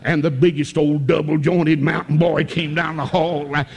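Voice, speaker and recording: An older man from the North Carolina mountains with an Appalachian accent, preaching a revival sermon with folksy stories that rise into shouted praise. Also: a little high, level tone, normal speed, gravelly, breathy edge.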